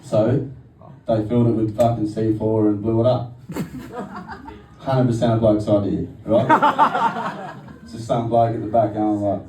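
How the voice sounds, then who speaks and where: Crude stand-up comic, roomy venue. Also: male voice, on the low side, big pitch swings, unhurried, long pauses. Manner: casual, crude, laughs through his own jokes. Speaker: stand-up comedian. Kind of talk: stand-up comedy set. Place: comedy venue, live audience. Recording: roomy venue audio from far off, noisy.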